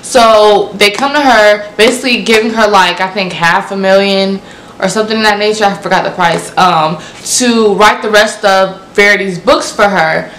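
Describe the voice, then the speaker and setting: A young woman, casually reviewing books in an animated, repetitive way. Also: mid-range voice, moderate pace, echoey room, a little hiss or hum. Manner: animated, repeats herself, lots of "like". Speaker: book reviewer. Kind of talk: casual book review vlog.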